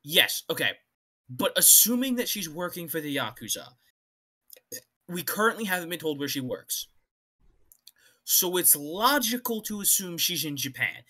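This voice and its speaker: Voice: mid-range voice, big pitch swings, moderate pace, long pauses, pushed and bright. A co-host of a casual comedy show, ranting with exasperated disbelief about the story being read.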